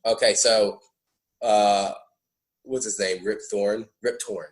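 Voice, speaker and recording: A man hosting a podcast, chatting casually about a film, animated and laughing often, stumbling over restarts. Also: on the low side, slow, roomy sound, rough recording. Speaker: podcast host.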